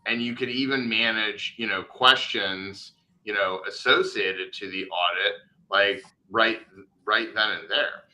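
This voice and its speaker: A man co-hosting a podcast, talking loosely and off the cuff, stumbling through fillers as he works out his point. His voice sits a little low but rings very bright and forceful. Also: measured pace, low-quality recording. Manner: rambling, thinks aloud with many fillers. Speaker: podcast co-host. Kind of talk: casual chat.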